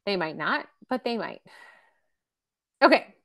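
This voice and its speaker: Big pitch swings and vocal fry mark this woman's mid-range, slightly bright voice as she talks a little slowly. She's a parenting webcast presenter in her thirties or forties, teaching casually with plenty of fillers and acted-out example quotes.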